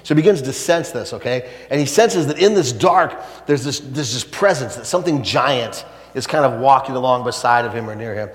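A man preaching a sermon, telling a story in a conversational, animated way and reading a passage aloud. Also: medium pitch, fairly quick. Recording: echoey hall.

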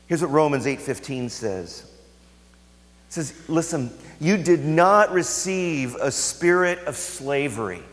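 A man preaching a sermon as a pastor, telling a family story and dropping to hushed, intimate tones for emphasis. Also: on the high side, expressive, takes it slowly. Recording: long hall reverb.

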